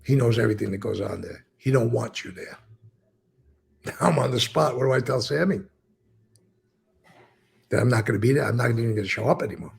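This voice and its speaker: A man with a deeply gravelly, rough, husky voice, a former mobster, tells old stories in a casual interview, talking a little fast but pausing often. He repeats words, acts out the lines of people in the stories, and swears frequently.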